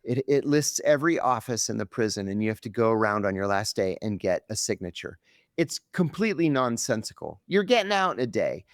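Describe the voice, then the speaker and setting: Male podcast guest, animated storyteller, lively and dramatic delivery, dry close sound. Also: lowish voice, brisk, dry recording. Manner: dramatic, acts out quoted voices.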